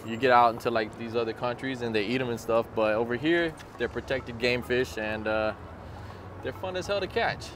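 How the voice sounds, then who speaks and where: A man's voice: medium pitch, moderate pace, noisy background. Laid-back man hosting a fishing vlog. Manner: laid-back, joking, swears casually. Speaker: fishing channel host. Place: boat on a bay at night.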